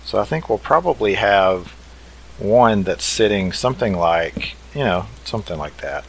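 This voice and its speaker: A man with a low, deep voice talks casually through a game session, thinking aloud as he works. His delivery is relaxed and easygoing. A faint hiss of noise sits under the recording. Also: moderate pace, gravelly, poor audio. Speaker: let's play host.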